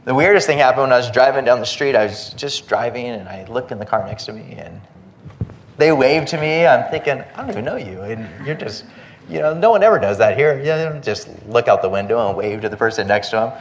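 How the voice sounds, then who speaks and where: A man's voice: mid-range voice, lively intonation, brisk, slight background noise. Man preaching a conversational sermon. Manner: conversational, anecdotal preaching with many restarts. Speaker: pastor.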